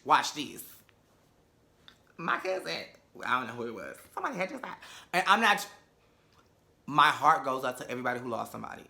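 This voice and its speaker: A man's voice: mid-range voice, very animated, quick pace, creaky, sharp tone. A man giving a casual reality TV episode review, sassy and profane, with campy asides. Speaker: reality TV recap vlogger.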